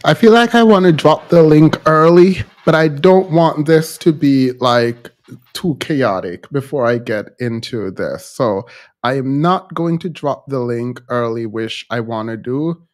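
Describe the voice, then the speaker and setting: A man's voice: medium pitch, measured pace. A man hosting a casual commentary show, chatty and often laughing between his remarks. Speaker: host.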